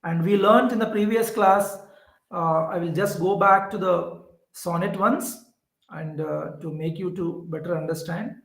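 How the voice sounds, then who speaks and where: A man with an Indian English accent teaching an online class, explaining slowly and repeating key points with fillers. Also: high voice, steady tone, vocal fry, fairly bright tone. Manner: slow, repetitive explaining with fillers. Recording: echoey room.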